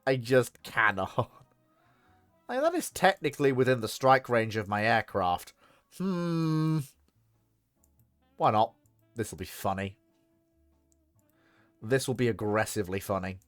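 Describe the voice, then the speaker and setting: A man talks through a naval strategy game in a relaxed, drawn-out way, laughing between lines and swearing at the results. His voice sits at an ordinary middle pitch. It is close and dry, with soft game music underneath. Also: no echo. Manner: laughing, sarcastic, swearing, acts out mock dialogue. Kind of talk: casual gaming commentary.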